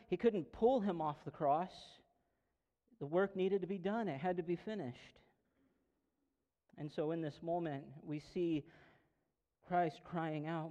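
High-voiced pastor preaching in a reverberant hall. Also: male voice, a little mellow. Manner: earnest preaching, reads scripture aloud with feeling. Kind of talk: sermon. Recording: dull lo-fi sound with long hall reverb.

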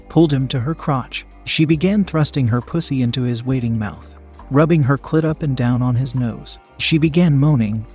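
A man's voice: mid-range voice, darkish tone. A man narrating a first-person story in a tense, confessional way.

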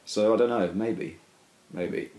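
A man's voice: on the low side, steady tone, takes it slowly, darkish tone. Rambling man in an echoey room. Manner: rambling, self-deprecating, joking. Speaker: podcast co-host. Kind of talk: casual chat.

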